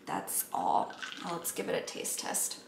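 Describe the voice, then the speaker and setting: A woman casually chatting through a home cocktail how-to, relaxed and full of ums and likes. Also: a little slow, echoey room, a little hiss or hum.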